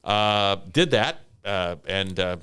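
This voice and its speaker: Old guy w a really low gravelly voice, rambly, lots of uh and repeats, dry close sound. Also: animated, takes it slowly, a bit bright, dry recording. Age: older. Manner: rambling, many repeated words and fillers, chuckling asides. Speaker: retiring pastor, podcast guest. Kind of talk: casual reminiscing chat.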